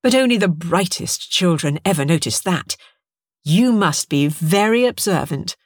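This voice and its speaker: A woman voicing a kindly female sea creature who poses as Santa Claus and talks in a gentle, agreeable way. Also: fairly low pitch, lively intonation, unhurried, no echo, studio quality.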